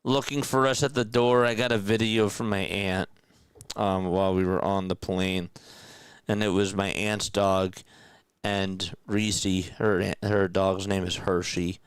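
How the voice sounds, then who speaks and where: A young man streaming casual radio-style play-by-play, chatting with viewers in a relaxed way between calls. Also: low voice, a little slow, clear, resonant tone, dry recording.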